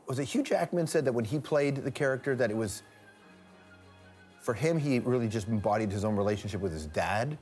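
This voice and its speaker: A man's voice: mid-range voice, fairly quick, a little mellow, soft background music. A man hosting a talk show, asking playful, joking questions in a casual interview.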